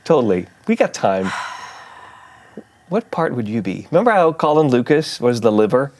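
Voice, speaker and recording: A man's voice: medium pitch, very animated, moderate pace, darkish tone, a little hiss or hum. A middle-aged man hosting a church talk show in casual chat, playful and fond of wordplay while asking questions. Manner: playful and joking, loves wordplay.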